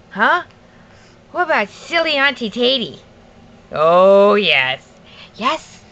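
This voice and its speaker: A mother at home, filmed on a handheld camera, coaxing her toddler in high, sing-song baby talk with long pauses. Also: sharp tone, a little hiss or hum.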